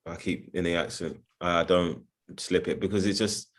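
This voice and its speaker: A man's voice: sits low, normal speed. Laid-back London man chatting. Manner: relaxed, chatty, laughs often. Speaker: actor panelist. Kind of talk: casual panel chat.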